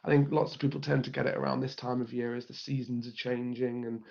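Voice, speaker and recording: A man, slightly croaky from a cold, hosting a live stream and chatting warmly with viewers, greeting them by name. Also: medium pitch, completely flat delivery, fast, lo-fi sound. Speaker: host.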